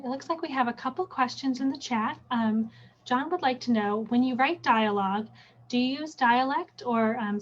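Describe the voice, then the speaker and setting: A woman moderator reading audience questions from the chat in a soft, measured way, with a few hesitant fillers. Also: a little high. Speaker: library event moderator. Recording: dull lo-fi call audio with faint hiss.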